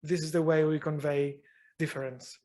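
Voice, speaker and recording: A man answers audience questions after a university lecture. His voice sits fairly high for a man, and he thinks aloud, pausing and rephrasing as he searches for the right words. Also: flat delivery, warm tone. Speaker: guest lecturer.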